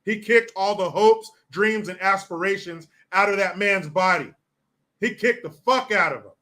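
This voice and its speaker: A male show host riffs on viewer comments in loose, profane commentary. His voice sits a little high, with a bright and forceful edge. He rambles and restarts, bluntly and without polish. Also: moderate pace.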